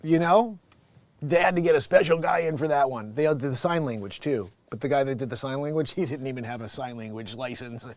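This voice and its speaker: A man hosting a comedy news show, joking and swearing as he reads headlines and swings into loud bits. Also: medium pitch, quick pace, hardly any pauses, dry recording.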